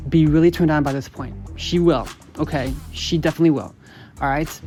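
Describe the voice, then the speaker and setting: A man hosting a podcast, coaching listeners with emphatic, repetitive instructions and casual swearing, dropping lower and quieter when he acts out sample lines. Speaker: podcast host, dating coach.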